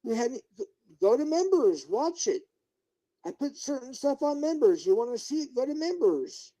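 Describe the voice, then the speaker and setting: A man's voice: extremely high pitch, sing-song, normal speed, dark tone, rough recording. Agitated middle-aged man ranting on a livestream. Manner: agitated, indignant, talks straight to viewers and chat. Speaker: YouTuber live-streaming to chat. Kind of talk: unscripted livestream rant.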